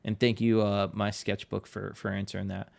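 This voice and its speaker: A man's voice: lowish voice, little pitch movement, moderate pace, vocal fry, a little mellow. A man with a Northeastern American accent, chatting casually with his livestream audience while drawing. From Connecticut, USA. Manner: chatty, reads chat aloud, laughs often. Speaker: livestreaming artist.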